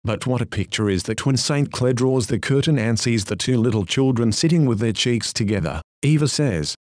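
A man's voice: mid-range voice, lively intonation, normal speed, few pauses, darkish tone, no room sound. Earnest preacher man, close dry sound. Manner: earnest, many rhetorical questions. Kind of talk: sermon.

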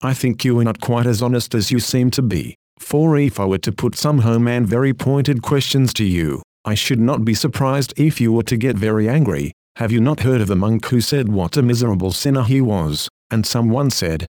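A man reading an old-fashioned sermon in an earnest, exhorting manner, slowing down for emphatic phrases. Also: mid-range voice, lively intonation, a little mellow, no echo, studio quality. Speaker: preacher. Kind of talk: read Victorian sermon.

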